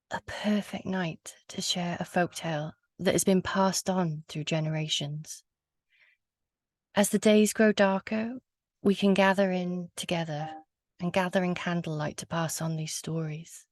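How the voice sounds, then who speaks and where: A woman storyteller on a video call, telling a folk tale slowly and softly, lingering on words. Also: fairly low pitch, fairly even intonation, dry recording, clean studio sound. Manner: soft, hushed, lingering on words. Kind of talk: slow atmospheric storytelling.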